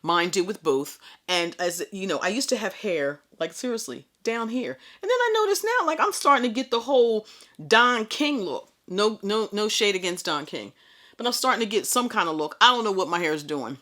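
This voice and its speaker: A woman's voice: medium pitch, animated, normal speed, sharp tone. A middle-aged woman vlogger telling her own story in a chatty, candid way, full of asides. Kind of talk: casual personal storytelling.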